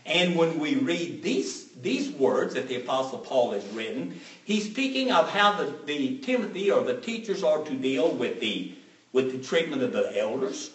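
A man's voice: on the high side, big pitch swings, moderate pace, recorded from a distance. A man preaching a sermon, emphatic and given to repeating phrases for stress. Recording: echoey room, voice off-mic.

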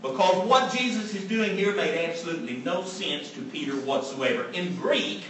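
Earnest preacher in an echoey hall. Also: male voice, sits high, normal speed, a bit bright. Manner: earnest, emphatic, repeats key phrases. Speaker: pastor. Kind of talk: sermon. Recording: echoey room, from far off, faint background hum.

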